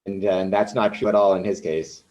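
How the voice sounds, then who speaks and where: A man's voice: deep voice, fairly even intonation, brisk, darkish tone, dull audio, soft background music. A man hosting a conversational interview who talks in a rambling, self-deprecating way. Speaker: podcast host.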